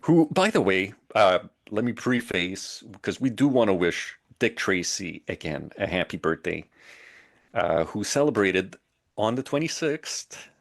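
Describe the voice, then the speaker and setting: A man from Montreal with a Quebec French accent, co-hosting a live stream in casual chat, laughing often and joking in French. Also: lowish voice. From Montreal, Canada. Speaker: co-host of a live show.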